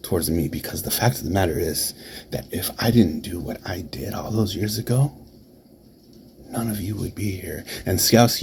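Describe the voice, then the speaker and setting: A man cutting a taunting wrestling promo, dropping to hushed whispers and then rising to shouts. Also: deep voice, a little hiss or hum. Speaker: promo performer.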